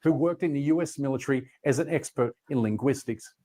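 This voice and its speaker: A man reading scripted commentary narration in a steady, pointed way. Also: mid-range voice, brisk. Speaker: video narrator.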